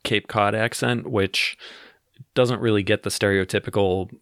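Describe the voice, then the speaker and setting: An easygoing co-host from Massachusetts explains things with a laugh. His voice sits fairly low, and the sound is close and dry. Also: fairly even intonation, a little slow, fairly bright tone, no room sound. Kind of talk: casual chat.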